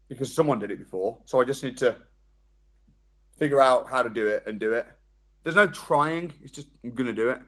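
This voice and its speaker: A man speaking to a live seminar audience, addressing them directly with questions and acting out the inner voices he describes. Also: mid-range voice. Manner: animated, acts out quoted inner voices. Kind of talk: live motivational seminar talk.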